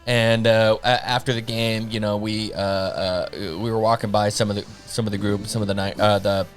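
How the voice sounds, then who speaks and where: A man's voice: fairly low pitch, level tone, normal speed, soft background music. A man co-hosting a casual sports podcast, trading jokey, profane banter. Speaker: podcast co-host.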